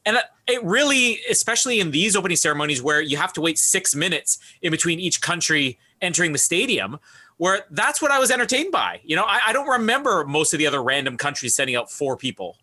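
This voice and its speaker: High bright guy talking fast, chatty co-host telling stories. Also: very animated. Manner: quick, chatty storyteller. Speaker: podcast co-host. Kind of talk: casual chat.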